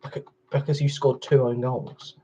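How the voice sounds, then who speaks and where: A man's voice: medium pitch, little pitch movement, moderate pace, mellow, slight background noise. A man chatting casually on a gaming livestream, arguing back and forth with his chat in a rambling way. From England. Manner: rambling, argumentative replies to chat.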